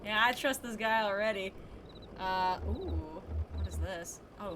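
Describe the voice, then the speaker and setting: A woman streaming a video game in casual chat, playful and excitable, breaking into loud exclamations and reading game text aloud. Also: medium pitch, normal speed, slight background noise.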